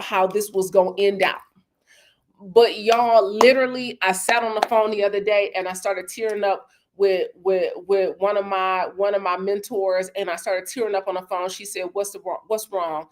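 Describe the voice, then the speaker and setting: A woman hosting a motivational talk, speaking emphatically and with lots of repetition, calling her listeners y'all and baby, and softening her voice when she acts out conversations. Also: mid-range voice, little pitch movement, moderate pace, noisy background. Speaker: host.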